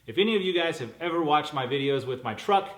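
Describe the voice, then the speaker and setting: Man, vlog host, casual unboxing chat, upbeat, bright voice, echoey room. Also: a little high, lively intonation, fast. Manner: chatty, upbeat, self-correcting. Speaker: car channel host.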